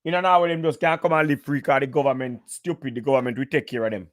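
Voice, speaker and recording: A man's voice: medium pitch, steady tone, fast, dry recording, clean studio sound. A man from Jamaica with a Jamaican accent, chatting casually and jokingly in patois on a live stream. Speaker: podcast guest.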